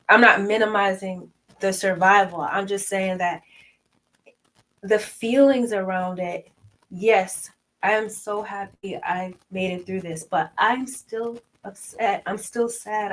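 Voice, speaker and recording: Animated woman in casual chat. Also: mid-range voice, rough recording. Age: 30s. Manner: animated, acts out quoted voices, laughs often. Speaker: podcast co-host.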